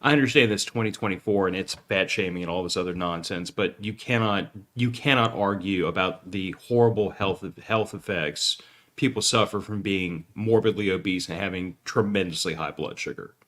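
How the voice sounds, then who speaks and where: Blunt male podcast co-host with a lowish voice, speaks his mind. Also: moderate pace, fairly bright tone. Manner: blunt and opinionated. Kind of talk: casual chat.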